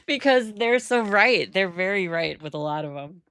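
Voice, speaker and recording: A woman with a mid-range, fairly bright and smooth voice, recorded dry, chats casually with her viewers while playing The Sims. She's from the northern United States, with an accent close to Canadian, and she laughs often.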